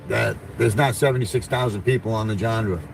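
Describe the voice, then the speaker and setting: A man's voice: fairly low pitch, steady tone, brisk, gravelly, over music, low-quality recording. A man calling into a livestream from a car, chatting in a laid-back, rambling and profane way. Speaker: livestream guest. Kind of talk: casual livestream chat.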